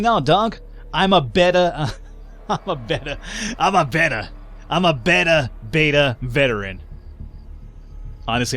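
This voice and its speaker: A man's voice: medium pitch, fairly bright tone. Chatty young man commenting on gameplay. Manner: chatty and joking, with casual swearing. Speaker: let's play host.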